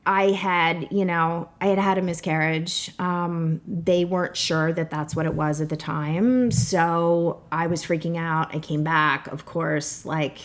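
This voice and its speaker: A woman's voice: fairly low pitch, steady tone, a little slow, hardly any pauses. A woman in her thirties, a podcast guest telling her own story in a talkative way, full of fillers and close to tears at times. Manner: talkative, many "like" and "you know" fillers, tearful at times. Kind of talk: emotional personal storytelling.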